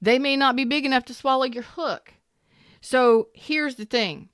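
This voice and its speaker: A woman's voice: sits high, unhurried, fairly bright tone, clean tone, no room sound, clean studio sound. Emphatic, repetitive woman tarot reader. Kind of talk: casual spoken tarot reading.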